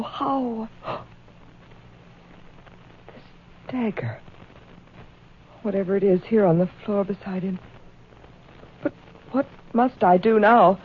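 A woman's voice: medium pitch, slight background noise, natural voice. An actress in a 1940s radio drama playing a frightened young woman who is accused of murder. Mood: frightened hush. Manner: breathless, anxious. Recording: dull old radio broadcast.

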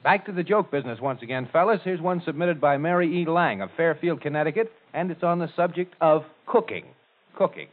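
A man hosting a 1940s radio comedy show with brisk, jovial emcee patter. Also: fairly high pitch, animated. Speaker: quiz show host. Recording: tinny 1940s radio with studio audience.

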